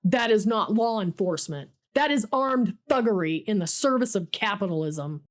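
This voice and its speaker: A woman voicing a menacing, hyper-articulate male writer who is said to speak in a low mumbling Southern drawl, coolly taunting. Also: expressive, moderate pace, natural voice. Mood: cutting. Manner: cool, taunting and then cutting.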